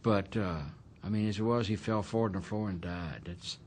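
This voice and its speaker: A man's voice: on the low side, fairly even intonation, fairly quick, a little mellow, a little hiss or hum. A man, telling his memories bluntly and emphatically in a documentary interview.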